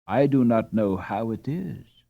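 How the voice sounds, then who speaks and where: A man voicing a weak, injured Dutch father waking from a long stupor, talking faintly and haltingly. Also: fairly low pitch, expressive, gravelly, no echo, phone-quality sound, heavily acted.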